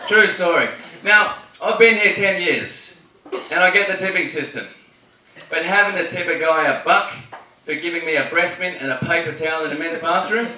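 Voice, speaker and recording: A man's voice: fairly high pitch, moderate pace. A man with an Australian accent doing a brash, profane stand-up comedy set on a club stage. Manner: brash and profane, punchy delivery. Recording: echoey club from a distance, noisy.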